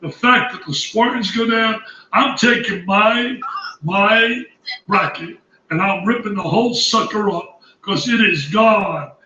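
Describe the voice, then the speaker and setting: A man's voice: high voice, a little slow, bright, forceful tone, reverberant, distant mic, muffled recording. A man reacting as a college basketball analyst, exclaiming emphatically and repeating his phrases in disbelief. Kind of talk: excited studio reaction commentary.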